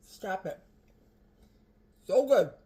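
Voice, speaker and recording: An older woman food vlogger tasting a dish and chatting casually to her viewers, animated and talkative, sometimes with her mouth full. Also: mid-range voice, drawn-out words. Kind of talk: casual cooking vlog with tasting.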